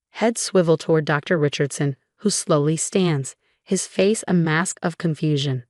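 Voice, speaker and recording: A woman narrating a scripted first-person story in an even, measured way. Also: sits low, no room sound, clean studio sound.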